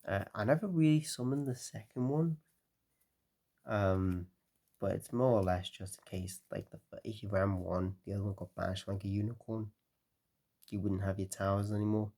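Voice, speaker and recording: A tired man talking casually through a card game deck, relaxed and rambling with lots of fillers. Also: fairly low pitch, moderate pace.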